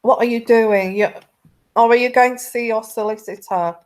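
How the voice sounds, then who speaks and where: A woman's voice: a little high, steady tone, normal speed, close to an everyday voice. A woman voicing an exasperated young royal husband, blunt and questioning.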